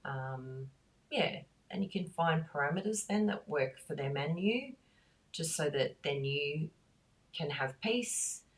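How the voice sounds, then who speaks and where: A middle-aged woman, hosting a craft class and chatting in a rambling, warm way that breaks into laughs. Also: low-pitched, animated, slow pace, recorded from a distance. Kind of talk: chatty talk while crafting.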